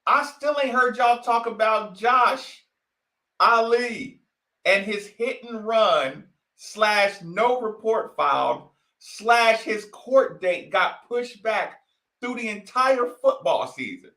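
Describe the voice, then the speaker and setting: Fired up guy ranting about sports media, highish voice, slow drawl, echoey room. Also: lively intonation, sharp tone. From Asheville, North Carolina. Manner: heated, ranting, laughs often, cusses. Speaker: podcast host. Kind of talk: opinionated sports talk.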